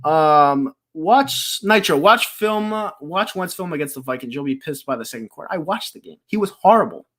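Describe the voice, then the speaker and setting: A woman in her twenties from the Philadelphia area, hosting a live stream and ranting about her team in a passionate, exasperated, yelling way. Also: low-pitched, lively intonation, normal speed, hardly any pauses. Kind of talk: heated live-stream sports rant.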